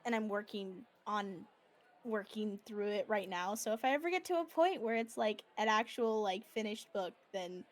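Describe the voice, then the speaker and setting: A woman's voice: medium pitch, normal speed. A woman writer chatting on a live stream, bubbly, laughing often and full of fillers. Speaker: fan fiction writer, guest. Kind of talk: casual live-stream chat.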